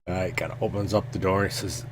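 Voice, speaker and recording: A game master describing the scene for his players in a relaxed, rambling way. His voice is low and deep. He talks loosely, with plenty of fillers. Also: quick pace, background noise. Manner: loose, filler-heavy narration. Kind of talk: narrating a tabletop game.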